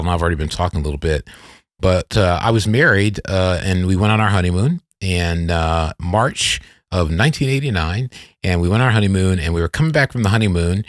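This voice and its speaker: Low-voiced rambling male podcast host. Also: no room sound, clean studio sound. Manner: rambling, animated storyteller with many restarts. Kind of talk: casual storytelling interview.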